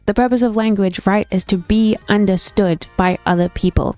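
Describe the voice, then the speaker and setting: Chatty young woman streamer, mellow voice. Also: medium pitch, fairly quick, few pauses. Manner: chatty, opinionated, thinks aloud with many restarts. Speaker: gaming streamer. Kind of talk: casual chat reacting to stream chat. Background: faint stream background music.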